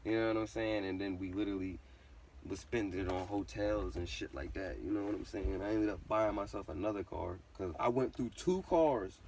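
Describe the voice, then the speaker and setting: A man's voice: fairly low pitch, a little fast, darkish tone. Young guy ranting about his life, swears a lot, says literally nonstop, mic kinda far off with faint hum. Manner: slangy, profane, says literally constantly. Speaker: vlogger. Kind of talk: casual storytelling.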